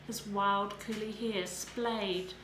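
Slow woman reading a romance novel. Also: mid-range voice, fairly even intonation. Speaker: narrator. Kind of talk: audiobook reading. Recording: roomy echo with faint noise.

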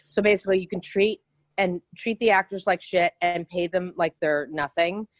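A woman's voice: fairly low pitch, normal speed, no room sound. A woman, telling stories as a guest in a casual interview, with many restarts. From New York. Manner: chatty, animated anecdotes with many restarts. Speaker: actress guest.

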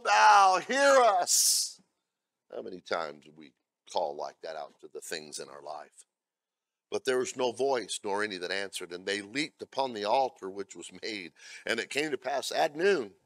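A male pastor delivering a sermon, moving between loud scripture readings and blunt asides to the congregation. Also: on the low side, animated, normal speed, no room sound. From America. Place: church.

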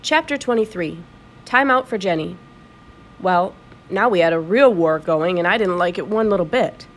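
A woman reading a children's novel aloud in an expressive storytelling voice. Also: lowish voice, normal speed. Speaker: audiobook reader.

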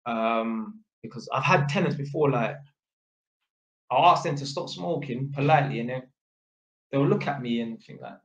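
A man telling a story in a casual, animated way, full of street slang and tag questions. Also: medium pitch, normal speed. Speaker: vlogger. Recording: echoey room, dull lo-fi sound.

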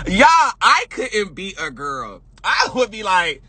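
A man hosting a casual livestream rant, loud and projecting, sassy and profane, laughing often. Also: high-pitched, wildly swooping pitch, slow pace, hardly any pauses. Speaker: livestream host.

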